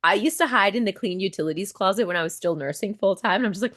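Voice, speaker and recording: A lively woman coach chatting as a podcast guest, mid-range voice with mid-range pitch. She talks fast and expressively, slipping into little acted-out voices and dropping casual swear words. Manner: animated, acts out inner voices, swears casually. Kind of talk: conversational podcast interview.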